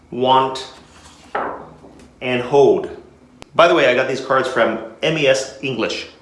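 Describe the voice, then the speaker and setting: A man teaching English vocabulary to children, demonstrating a lesson and drilling words slowly and clearly. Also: medium pitch, fairly bright tone, distant mic, a little hiss or hum. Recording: very echoey room, off-mic.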